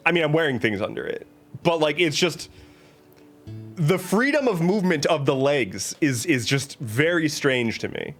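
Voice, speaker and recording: Man, streamer, casual chat, playful and rambling, lively bouncing voice, faint music behind. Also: fairly high pitch, normal speed.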